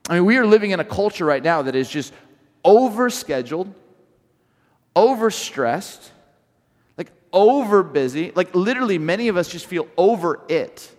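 A man from Southern California preaching a sermon, telling stories in an animated way and often restarting his sentences. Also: sits high, moderate pace, long reverb tail. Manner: animated storytelling with repeated restarts. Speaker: pastor.

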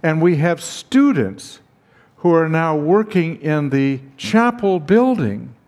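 Slow older man telling a story. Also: a little high, animated, a little mellow. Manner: slow, dramatic retelling with acted dialogue. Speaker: speaker recounting his teaching past. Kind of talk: personal anecdote, storytelling.

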